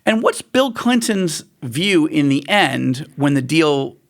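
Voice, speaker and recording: A man's voice: fairly high pitch, big pitch swings, takes it slowly, creaky. A man speaking as a guest in an interview, telling stories animatedly and acting out quoted voices. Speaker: guest author.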